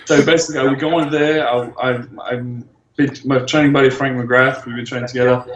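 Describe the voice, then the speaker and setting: A man's voice: medium pitch, flat delivery, a little fast, reverberant, rough recording. A man in his twenties, a bodybuilder guest in a casual interview, laid-back and casually swearing. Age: 20s.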